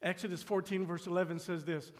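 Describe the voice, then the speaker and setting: High-pitched guy preaching, slows way down and goes quiet on big lines, squeaky when acting out whiners. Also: flat delivery. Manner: slows down and drops to a hush on key phrases; acts out complaining voices with rising pitch. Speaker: pastor. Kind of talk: sermon.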